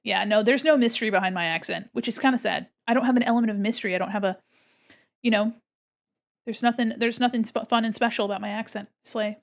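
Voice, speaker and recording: An American woman streaming, chatting casually with viewers while drawing, self-deprecating and quick to laugh. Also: fairly high pitch, creaky. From United States.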